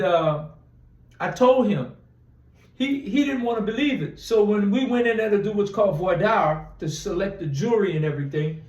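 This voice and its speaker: A man's voice: high-pitched, roomy sound, recorded from a distance, poor audio. A man telling a long personal story in a casual interview, rambling with restarts and acting out quoted dialogue. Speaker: interview guest.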